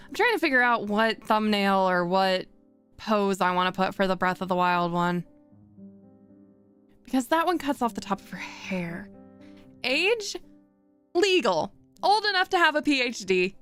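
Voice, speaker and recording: A woman's voice: mid-range voice, expressive, measured pace, pauses often, a bit bright, soft background music. A woman streaming as a VTuber, chatting casually and rambling as she thinks aloud while working, often laughing. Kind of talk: casual live-stream chat.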